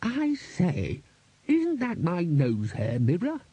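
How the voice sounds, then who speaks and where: A man's voice: sits high, wildly swooping pitch, slow, warm tone, husky, no echo, voice pushed up, heavily acted. A man voicing a fussy, elderly male wizard bursar with a reedy, indignant muttering voice.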